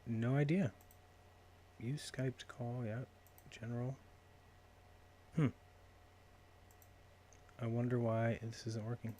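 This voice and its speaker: A man's voice: medium pitch, flat delivery, slow, pauses often, dark tone, a little hiss or hum. A man hosting a live call-in stream, talking casually and muttering to himself while he sorts out his call settings. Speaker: livestream host taking calls.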